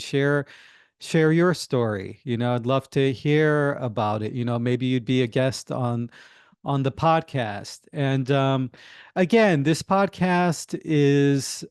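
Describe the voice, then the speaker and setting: A middle-aged man hosts a solo podcast, thinking aloud in a relaxed, halting way. His voice is smooth and resonant, at an ordinary male pitch. The recording is dry and close, with no room sound. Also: no echo. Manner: halting, many restarts and "you know". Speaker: podcast host. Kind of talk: casual solo monologue.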